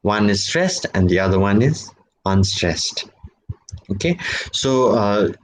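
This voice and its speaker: A man giving a university lecture on poetry. He speaks slowly and deliberately, often says "okay" and "right", and draws out example words, jumping up in pitch on them. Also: expressive, poor audio.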